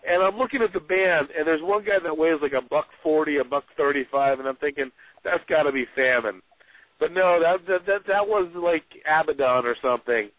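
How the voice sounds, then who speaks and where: A man's voice: a little high, brisk, few pauses, no echo. A man in casual chat, reading aloud from his book and telling wry, rambling stories. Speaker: author guest. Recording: tinny phone-like, dry sound.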